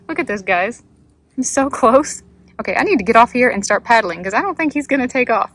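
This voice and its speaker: A woman's voice: a little high, lively intonation, normal speed, pauses often, a bit bright, low-quality recording. A woman vlogging from a kayak on a creek, gushing and talking to her viewers. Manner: awed, gushing, talks to viewers. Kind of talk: kayaking vlog narration. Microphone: phone camera.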